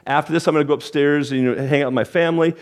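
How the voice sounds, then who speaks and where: A middle-aged man preaching as a pastor, telling a personal story and acting out the quotes before closing in prayer. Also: racing. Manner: animated storytelling, acts out quotes with pitch jumps.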